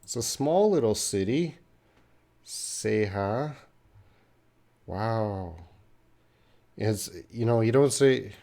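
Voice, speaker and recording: A man's voice: on the low side, animated, extremely slow, vocal fry, long pauses, mellow. A young man teaching English on a live stream, reading viewers' questions aloud and answering them in an encouraging way. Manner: encouraging, talks straight to viewers, repeats names.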